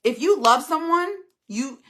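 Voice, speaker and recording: Bright-voiced middle-aged woman chatting candidly. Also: high-pitched, a little slow. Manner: earnest and candid, reads comments aloud then responds. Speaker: live-stream host answering viewer comments. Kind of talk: casual live chat.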